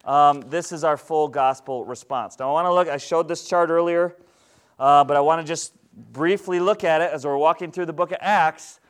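A man preaching as pastor, teaching in a conversational, animated way and asking the congregation questions. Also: fairly high pitch, normal speed, clean tone. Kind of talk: sermon.

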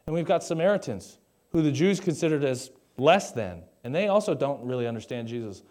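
A man's voice: medium pitch, lively intonation, a little fast, darkish tone. A young man preaching a conversational sermon to a live congregation on a stage mic, with jokey asides and questions to the audience. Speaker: pastor.

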